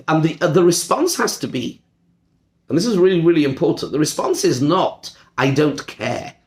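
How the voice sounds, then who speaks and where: A man's voice: a little high, lively intonation, normal speed, darkish tone. A middle-aged man, a rabbi, giving a discussion-style lecture to a class, emphatic and repeating words as he thinks. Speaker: rabbi teaching a seminar class.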